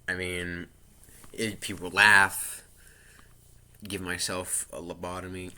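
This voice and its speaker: A man's voice: sits low, measured pace, bright, forceful tone. A man vlogging at home into a laptop mic, rambling in casual chat with jokey asides and self-interruptions.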